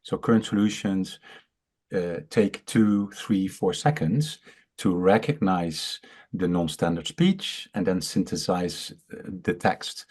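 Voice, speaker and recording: Dutch-accented founder, male, lowish voice, stutters through an explanation, lots of fillers and restarts. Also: a little mellow, husky. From Netherlands. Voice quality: stutters, with many fillers and repeated words. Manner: explanatory, halting. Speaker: startup founder. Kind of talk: interview on a video call.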